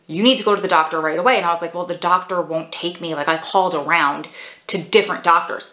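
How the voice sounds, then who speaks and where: A woman's voice: fairly low pitch, pushed and bright. Breathless chatty woman in her forties. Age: 40s. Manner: chatty, rambling, fillers like "like". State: short of breath. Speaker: vlogger. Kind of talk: casual chat to camera. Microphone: phone camera. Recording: echoey room.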